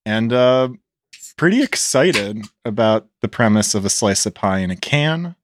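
A man's voice: fairly low pitch, animated, a little slow, a little hiss or hum. A man player joking playfully in casual banter at a tabletop game podcast.

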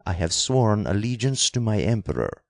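A man's voice: on the low side, big pitch swings, moderate pace, creaky, no echo, clean studio sound. A man voicing a cold, sneering young male villain in an audiobook, speaking coolly and with contempt. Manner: cool, sneering, clipped.

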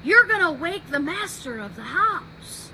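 A woman's voice: very high-pitched, sing-song, measured pace, bright, forceful tone, voice pushed up, exaggerated voice, rough recording. A woman voicing a fussy male house sentinel who scolds a visitor for making noise. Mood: scolding.

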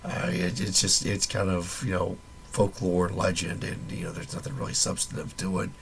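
A man's voice: low-pitched, level tone, normal speed, vocal fry, slight background noise. A man hosting a casual solo podcast, rambling and wry with a little profanity, his voice worn and nearly gone. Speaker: podcast host.

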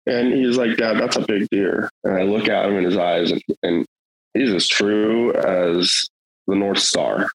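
A man's voice: deep voice, unhurried, poor audio. A middle-aged man telling a hunting story in casual, rambling, earnest talk, with many fillers and restarts.

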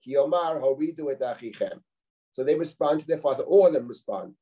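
A man's voice: on the high side, a little fast, dark tone. A middle-aged man, a rabbi, teaching a live class on a biblical text, reading Hebrew verses and translating them in a conversational, explanatory way with rhetorical questions. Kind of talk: live text-study lecture.

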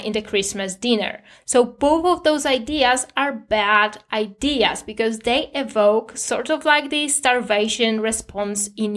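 A young woman hosting a solo podcast, giving gentle, reassuring advice. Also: on the high side. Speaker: podcast host.

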